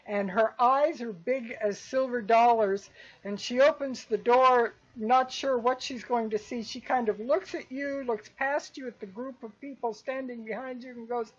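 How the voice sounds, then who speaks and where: A woman game master narrates a tabletop scene slowly and descriptively. Her voice is a bit high and breathy, and the recording sounds dull and lo-fi. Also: fairly even intonation. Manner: slow, descriptive narration with fillers.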